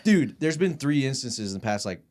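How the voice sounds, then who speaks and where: A man's voice: mid-range voice, big pitch swings, brisk, a little mellow, no echo. A young man chatting casually as a podcast guest, rambling, swearing and laughing through his stories. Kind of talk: casual chat.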